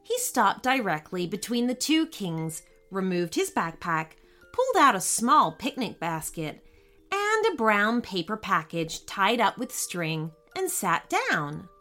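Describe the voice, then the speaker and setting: A woman narrating a children's story in an expressive, unhurried way. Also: mid-range voice. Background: faint music.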